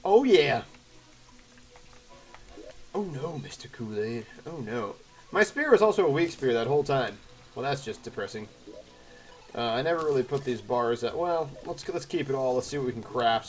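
A young man commentating a video game, excitable and chatty, yelping at danger and answering chat. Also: mid-range voice, normal speed, long pauses, faint music behind. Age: young adult. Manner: excitable, yelps and exclaims, chatty asides to chat. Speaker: let's play host. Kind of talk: gameplay commentary.

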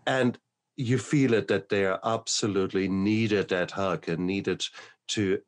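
A man's voice: sits low, steady tone, unhurried. A man from New Zealand hosting a podcast interview, talking thoughtfully and searching for his words as he goes. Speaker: podcast host. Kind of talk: conversational interview.

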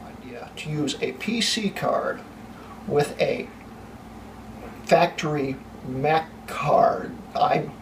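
A man's voice: a little high, lively intonation, slow, creaky, long pauses. A man hosting a tech video, stumbling over his lines and restarting takes. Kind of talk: flubbed takes of a tech vlog intro. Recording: voice a bit far from the mic, faint noise.

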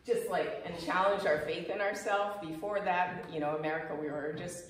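A woman's voice: lowish voice, fairly even intonation, a little fast, few pauses, slight background noise. A woman in her fifties giving a personal, emotional talk to a small audience, acting out quoted dialogue as she goes. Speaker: speaker giving a presentation. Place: apartment clubhouse room. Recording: echoey room, mic far off.

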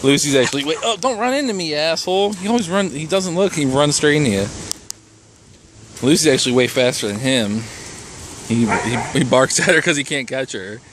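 Excitable young man cheering his dogs. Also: on the high side, a little fast, slight background noise. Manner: swears casually. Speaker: dog owner filming his dogs. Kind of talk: casual commentary while filming pets.

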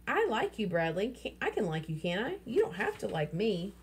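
A woman reading aloud, voicing a hopeful female school counselor who speaks gently and coaxingly. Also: medium pitch, wildly swooping pitch, moderate pace, breathy edge, heavily acted.

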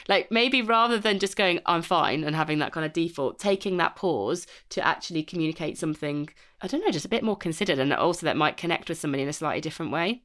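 A woman co-hosting a podcast, talking in a chatty, quick way and laughing between points. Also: lowish voice, animated, a bit bright. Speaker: podcast co-host. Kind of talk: casual podcast chat.

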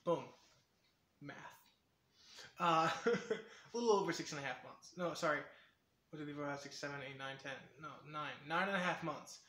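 A man rambling through a casual vlog, often stopping to correct himself, speaking a bit higher than most men. His throat sounds strained and sore, and the room throws back a clear echo. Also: normal speed, pauses often, pushed and bright. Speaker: vlogger.

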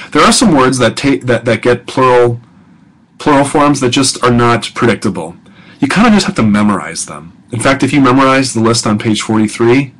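A male professor talks through a biblical Hebrew grammar lesson in a low voice. His delivery is casual and conversational. He poses rhetorical questions and leans on "um" and "okay" as he goes. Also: fairly bright tone, poor audio. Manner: conversational, asks rhetorical questions, frequent ums and okays, chuckles. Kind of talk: recorded lecture audio guide.

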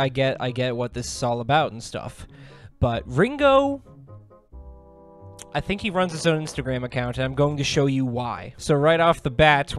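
A young man giving comedic commentary with deadpan jokes and sudden laughs. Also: medium pitch. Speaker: commentary YouTuber.

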